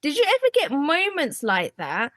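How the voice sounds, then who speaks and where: Enthusiastic woman podcast host, lively pitch. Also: normal speed, no echo. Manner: enthusiastic, exclamatory reactions. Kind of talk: casual interview.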